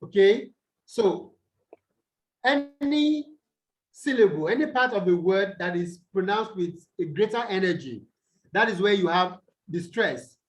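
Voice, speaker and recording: Nigerian male teacher, higher-pitched voice, patient step-by-step explaining, online class audio. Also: animated, unhurried, poor audio. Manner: explains step by step, asks students to answer. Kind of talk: online English lesson over video call. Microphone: video call.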